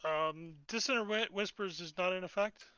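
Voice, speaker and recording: Higher-voiced man on muffled audio. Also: normal speed, bright, forceful tone, clean tone, dry recording. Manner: chatty, thinks aloud about rules. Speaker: player. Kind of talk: tabletop game chat.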